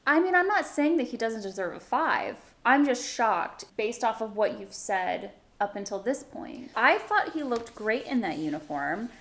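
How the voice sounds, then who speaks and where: A woman's voice: fairly high pitch, sing-song, moderate pace, hardly any pauses, a bit bright. A woman co-hosting a casual podcast, chatty and playful with lots of fillers. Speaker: podcast co-host. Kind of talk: casual chat.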